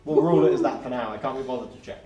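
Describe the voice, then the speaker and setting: A man's voice: mid-range voice, rapid-fire, far from the mic, highs cut off, over loud music. A man running a tabletop game as dungeon master, with dry, teasing rulings. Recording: echoey room.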